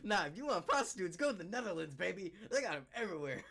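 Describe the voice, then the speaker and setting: A man with a high, bouncy voice chats over a video he is watching. He is giggly and excitable, breaking into laughter as he comments. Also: quick pace, vocal fry, heavy background noise. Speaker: video reactor. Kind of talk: casual reaction commentary.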